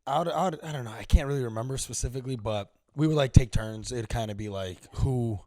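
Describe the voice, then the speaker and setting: A man's voice: mid-range voice, quick pace, darkish tone, no echo, studio quality. A young man co-hosting a podcast in casual chat, blunt and skeptical, swearing freely. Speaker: podcast co-host.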